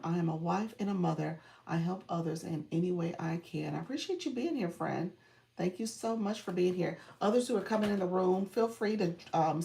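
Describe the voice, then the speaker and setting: A woman's voice: lowish voice, creaky, a little mellow, recorded from a distance, slight background noise. A woman coaching viewers on a livestream in a chatty way, thanking them often and laughing easily. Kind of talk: live-stream coaching chat. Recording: echoey room, voice off-mic.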